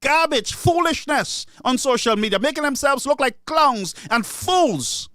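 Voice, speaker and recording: A man's voice: very high voice, lively intonation, a little slow, bright, forceful tone, dry recording, studio quality. A man with a Caribbean English accent delivering an indignant, repetitive political rant as a solo commentator. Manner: indignant, ranting, repeats himself. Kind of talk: solo opinion monologue.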